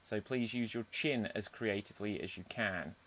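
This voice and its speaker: A man's voice: lowish voice, moderate pace, fairly bright tone. A man hosting an improv comedy stream, joking and teasing with loose, hesitant delivery. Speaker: host.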